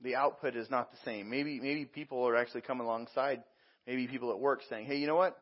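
A man's voice: medium pitch, steady tone, a little fast. Conversational male pastor, slightly muffled recording. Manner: conversational, with frequent repeats and fillers. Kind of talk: sermon.

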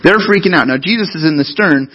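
Animated conversational male preacher, husky voice. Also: fairly high pitch, fast, dull audio. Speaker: pastor. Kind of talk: sermon.

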